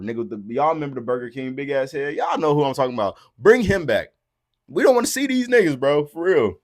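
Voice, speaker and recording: A young adult man hosting a podcast, ranting profanely in a casual way and swinging between low mutters and loud outbursts. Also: big pitch swings, fast talker, dry recording, clean studio sound. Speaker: podcast host. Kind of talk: unfiltered casual rant.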